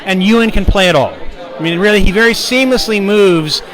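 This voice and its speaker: A man's voice: high voice, a bit bright, a faint crowd, poor audio. A man, the author of the novel, giving a thoughtful red carpet interview outdoors at a premiere. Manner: thoughtful, measured, listing qualities one after another.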